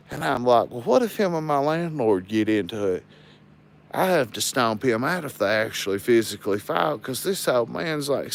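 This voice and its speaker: A man, telling rambling, profane stories to his livestream viewers. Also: medium pitch. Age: 40s. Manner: loose, crude, rambling storytelling.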